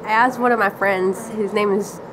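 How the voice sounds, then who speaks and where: A woman's voice: medium pitch, fairly even intonation, moderate pace, noisy background. A teenage girl casually telling a rambling story with lots of "like" and giggles. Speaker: vlogger.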